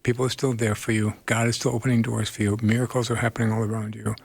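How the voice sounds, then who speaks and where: A man speaking as a guest therapist in a radio interview, earnest and animated, laughing often as he tells stories. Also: on the low side, quick pace, gravelly, breathy edge, no echo.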